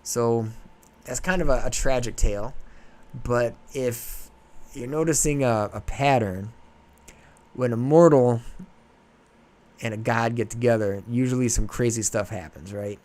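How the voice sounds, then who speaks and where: Male podcast host, animated, rambling retelling of a myth. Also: medium pitch, a little slow, pauses often. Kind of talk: casual storytelling chat.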